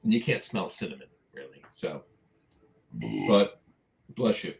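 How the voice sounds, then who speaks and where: A man's voice: on the low side, expressive, a little slow. A man with a New Jersey accent co-hosting a casual podcast, talking eagerly and repeating phrases for emphasis. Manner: enthusiastic, repeats himself for emphasis. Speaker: podcast co-host. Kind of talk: casual chat.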